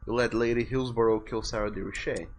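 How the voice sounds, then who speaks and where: A man's voice: on the low side, steady tone, quick pace, soft background music. A man giving casual let's-play commentary on a live stream, chatting and reading game text and viewer messages aloud.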